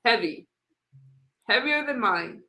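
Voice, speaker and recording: Chatty woman hosting her stream, bright kinda high voice, trails off a lot. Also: expressive, takes it slowly, echoey room, a little hiss or hum. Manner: chatty, trails off, reads chat aloud. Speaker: livestream host. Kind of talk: casual panel chat.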